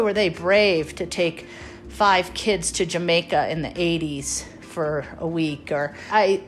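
A woman's voice: on the low side, a little hiss or hum. Fond woman in her fifties reminiscing. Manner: warm, fond recollection with fillers and acted-out quotes. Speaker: interviewee, one of five siblings. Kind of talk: reminiscing family interview.

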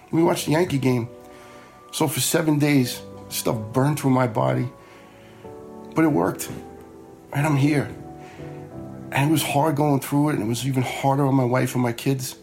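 A man's voice: medium pitch, normal speed, vocal fry, pauses often, darkish tone, faint music behind. A middle-aged firefighter telling his own story in a blunt, heartfelt, conversational way. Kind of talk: personal storytelling.

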